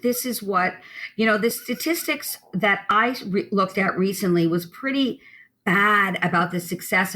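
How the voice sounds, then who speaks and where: A woman lactation consultant and herbalist being interviewed, talking emphatically and telling vivid stories from her practice. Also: medium pitch. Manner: emphatic, animated storyteller who addresses the host by name. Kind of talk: interview conversation.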